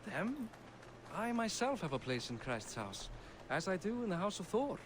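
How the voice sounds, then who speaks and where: An actor voices a proud, hearty middle-aged Norse king in a video game, speaking with a high, very animated voice at normal speed. The game audio plays over loud city ambience, making the background noisy.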